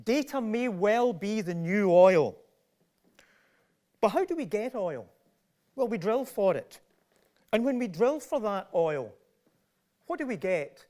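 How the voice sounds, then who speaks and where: A man's voice: sits high, very animated, slow pace, long pauses, mellow. A middle-aged man with a Glasgow Scottish accent giving a public lecture, emphatic and full of rhetorical questions. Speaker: professor giving a talk.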